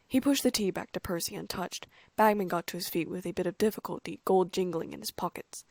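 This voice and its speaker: Woman narrating with a gravelly edge. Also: fairly low pitch, quick pace, few pauses, darkish tone, no room sound. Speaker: audiobook narrator. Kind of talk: reading fan fiction aloud.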